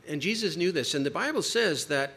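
Emphatic male preacher, lively pitch. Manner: emphatic, varied delivery with dramatic pauses. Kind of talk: sermon.

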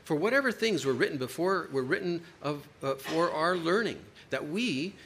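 A man preaching a sermon to a congregation, emphatic, with dramatic pauses. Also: a little high, animated, a bit bright, a little hiss or hum.

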